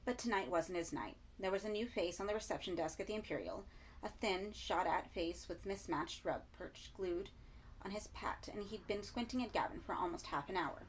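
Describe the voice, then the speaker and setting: Woman reading a dark story, quiet hiss. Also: mid-range voice, normal speed. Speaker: audiobook reader. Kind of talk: scripted horror narration.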